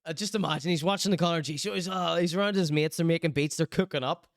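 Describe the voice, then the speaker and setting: A man's voice: on the high side, fast, vocal fry, no room sound, clean studio sound. A man with a Northern Irish accent hosting a show in casual chat, telling stories animatedly and slipping into other people's voices. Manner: animated storytelling with put-on voices. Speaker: show host.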